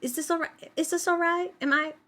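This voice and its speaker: A woman voicing a shy little girl who asks timid questions in a much higher voice. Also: fairly even intonation, fairly quick. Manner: quiet, timid.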